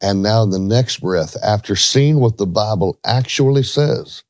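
A man's voice: fairly low pitch, a little slow, dry recording. A middle-aged man earnestly telling a church story, emphatic when quoting others. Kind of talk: storytelling in a religious talk show.

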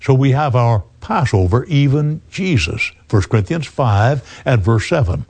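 A man's voice: mid-range voice, animated, unhurried, a little mellow. A middle-aged man preaching a sermon in an earnest, emphatic way, lifting his voice for quoted words.

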